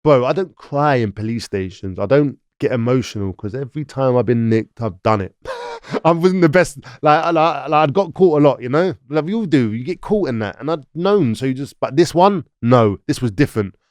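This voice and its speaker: A man's voice: medium pitch, normal speed, no room sound. London man telling his story, dry sound. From London, England. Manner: animated, acts out other people's lines. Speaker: interview guest. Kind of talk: storytelling in an interview.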